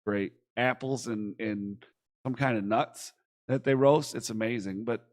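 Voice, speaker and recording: A young man from Michigan co-hosting a casual podcast, rambling excitedly and swearing freely. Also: mid-range voice, a little slow. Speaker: podcast co-host. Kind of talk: casual chat.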